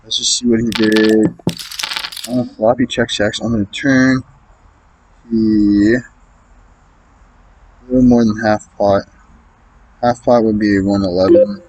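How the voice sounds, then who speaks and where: Low-voiced man muttering poker reads. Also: level tone, slow pace, long pauses, darkish tone, slight background noise, poor audio. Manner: mutters his reads, swears in exasperation at opponents. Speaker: online poker player streaming his session. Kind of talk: casual thinking-aloud game commentary.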